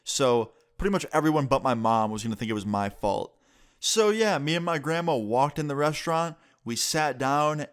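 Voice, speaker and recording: On his vlog, a young man casually tells a story, animated and profane, acting out the dialogue he quotes. His voice is smooth and medium in pitch.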